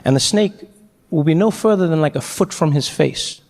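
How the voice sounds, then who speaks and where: Animated male stand-up comic, high voice. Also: moderate pace, in a large hall. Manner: animated, acts out every character. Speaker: stand-up comedian. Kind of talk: stand-up comedy storytelling.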